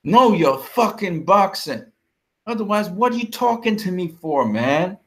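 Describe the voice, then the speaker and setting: A man's voice: sits high, sing-song, unhurried. Heated man ranting about boxing. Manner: heated, profane, confrontational. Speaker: boxing vlogger. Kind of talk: ranting fight commentary.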